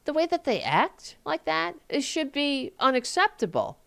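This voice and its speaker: A woman's voice: big pitch swings, moderate pace, creaky, fairly bright tone. A woman hosting a live talk show, ranting angrily with profanity and sarcastic mocking asides into a desk microphone. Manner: heated, profane, sarcastic, voice jumping high in mockery. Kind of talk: angry political rant on a live show.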